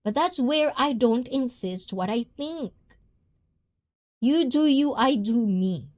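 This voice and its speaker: A woman's voice: fairly high pitch, expressive, slow pace, a little mellow. A woman livestream host, not a native English speaker, talking bluntly and reading viewer comments aloud. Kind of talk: casual talk with chat.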